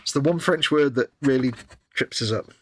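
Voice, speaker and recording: A British man co-hosting a casual chat, ranting in animated exasperation. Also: medium pitch, normal speed, noisy background. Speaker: co-host.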